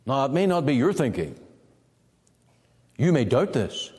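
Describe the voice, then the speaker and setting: A man delivering a sermon slowly and deliberately. His pitch sweeps up and down with emphatic preaching. The sound carries a long reverb, as in a large hall. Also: very animated, darkish tone, husky.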